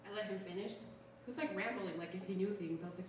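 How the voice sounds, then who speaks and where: A woman's voice: mid-range voice, fast talker. A young woman from Utah doing a stand-up comedy set, chatty and sarcastic, with "like" in almost every sentence. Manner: chatty, sarcastic, says "like" constantly. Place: small comedy show venue. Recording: echoey room from far off with noise.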